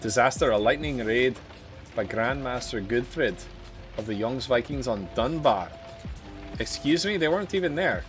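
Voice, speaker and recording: A man's voice: mid-range voice, lively intonation, normal speed. A male streamer with a mid-range voice reads strategy-game events aloud and breaks off for dry, joking comments to his chat. Faint game music plays underneath him. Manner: reads game text aloud with wry asides. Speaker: live streamer. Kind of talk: live gameplay commentary.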